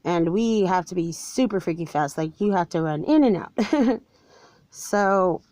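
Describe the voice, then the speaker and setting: A forty-year-old vlogger somewhere cold earnestly tells viewers her own story of being wronged, her tone aggrieved. Her voice is fairly low, a little mellow and animated, at a measured pace, with no room sound.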